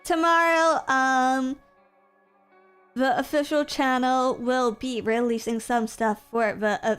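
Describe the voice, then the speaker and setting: A young woman streamer wraps up her stream with a casual, bubbly, playful chat with her viewers. Her voice is high-pitched, clear and resonant, with a level tone and a slow pace, and soft music plays in the background.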